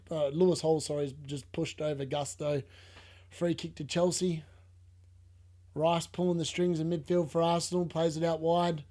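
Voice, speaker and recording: A high-voiced Australian man hosting a live football watchalong. He chats, laughs a lot and jumps to an excited shout whenever a chance comes. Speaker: fantasy football watchalong host. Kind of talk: live watchalong commentary and chat replies.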